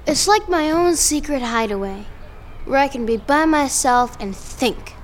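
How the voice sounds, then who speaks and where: A woman's voice: high-pitched, expressive, unhurried. A woman voicing a curious, brave eleven-year-old girl detective who talks eagerly to her cat. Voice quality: bright, eager narrating. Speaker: voice actor. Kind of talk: audio drama acting. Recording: background ambience noise.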